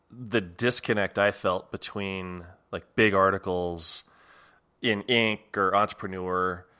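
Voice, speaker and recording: A man's voice: low-pitched, pushed and bright, smooth. A man hosting a podcast, chatting casually and telling a rambling story with lots of laughs. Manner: rambling, laughs a lot, restarts. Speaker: podcast host.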